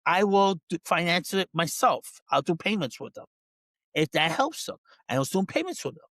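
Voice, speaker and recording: In a dry recording, a man with a high-pitched, very animated, slightly bright voice talks at normal speed. He's a dog trainer on a podcast, telling a story casually while imitating others' lines. He often restarts and repeats himself.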